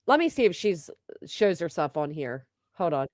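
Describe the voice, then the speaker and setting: A woman's voice: fairly low pitch, sing-song, normal speed, a little mellow, dry recording, studio quality. A woman hosting a casual livestream, chatting and gossiping while reading viewer comments aloud, and laughing often. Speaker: livestream host.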